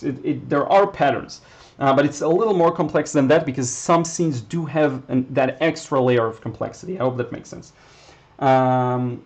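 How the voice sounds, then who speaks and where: A man's voice: mid-range voice, normal speed, muffled recording. A man with an Israeli accent, a native Hebrew speaker, casually teaching watercolor on a livestream and answering chat questions, thinking aloud. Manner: relaxed, thinking aloud, with fillers and restarts. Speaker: watercolor instructor.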